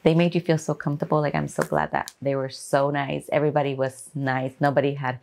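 A woman vlogger with a strikingly deep voice for a woman, speaking straight to her viewers. She gushes with enthusiasm in a casual recap tone. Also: lively intonation, brisk, darkish tone. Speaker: vlogger and bikini competitor.

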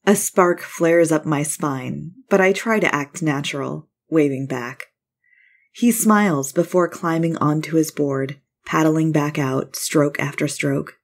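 A woman with a notably low voice narrates a first-person short story. Her reading is measured and wry, steady from line to line.

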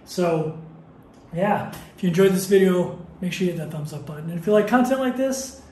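A man's voice: high voice, fairly quick, darkish tone, a little hiss or hum. A man casually vlogging on the road, chatting with lots of fillers while he shows his hotel. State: out of breath. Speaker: travel vlogger. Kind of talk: casual travel vlog. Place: hotel and street in Thailand, walking around.

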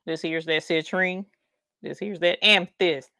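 Woman, Southern US accent, folksy livestream chatter, bright forceful tone, dry close sound. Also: lowish voice, fairly even intonation, a little slow, no echo. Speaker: livestream craft host. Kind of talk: casual livestream chat.

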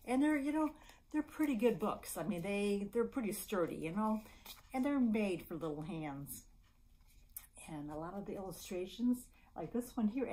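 A woman leading a baby storytime, talking casually about board books and then reading and chanting rhymes in a gentle sing-song with soft whispers in between. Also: mid-range voice, low-quality recording. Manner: gentle, sing-song, slow and drawn-out for babies; casual with fillers and restarts. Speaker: children's librarian.

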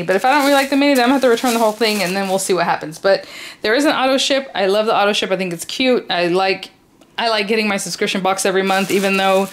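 A woman's voice: mid-range voice, a little hiss or hum. Chatty woman rambling through an unboxing. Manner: chatty, rambling, enthusiastic with fillers. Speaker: crafting YouTuber. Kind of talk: casual unboxing chat.

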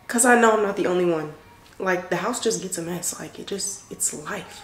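A woman in her twenties rambling through a casual home vlog, chatty and animated. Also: fairly low pitch, moderate pace. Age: 20s. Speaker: vlogger, mom of three. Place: at home, indoors. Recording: echoey room with clear background noise.

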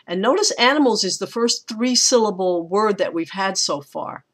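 A woman teacher giving a recorded lecture, talking in a thoughtful, unhurried way with frequent pauses and restarts. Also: medium pitch.

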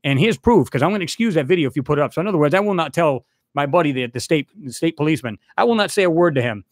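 Channel host, male, fairly high voice with big swings, dry close sound, angry rant style. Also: expressive, very fast, dry recording. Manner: heated, repetitive, addresses a rival directly. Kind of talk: angry ranting vlog.

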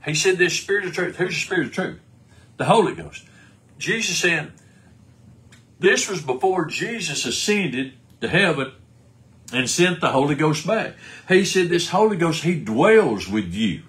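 Animated preacher man. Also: fairly high pitch. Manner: rhetorical questions answered in quick succession. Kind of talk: sermon.

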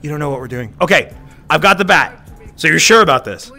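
A male streamer giving casual gameplay commentary, excitable and swearing as he talks back to the game. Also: on the high side, fairly quick, soft background music.

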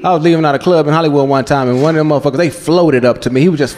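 A man performing a stand-up comedy set, telling profane, animated stories on a club stage before a live audience. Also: fairly high pitch, rapid-fire, hardly any pauses, a crowd in the background. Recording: live club recording with echo, audience laughter and noise.

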